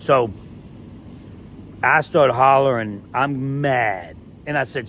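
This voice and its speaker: A former reality show contestant telling a story in a heated, emphatic way, swearing freely. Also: male voice, mid-range voice, slow, long pauses, fairly bright tone, slight background noise. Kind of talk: casual storytelling rant.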